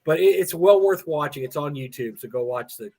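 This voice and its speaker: A man in casual livestream chat, rambling through animated anecdotes and acting out the quotes. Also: a little high, fairly quick.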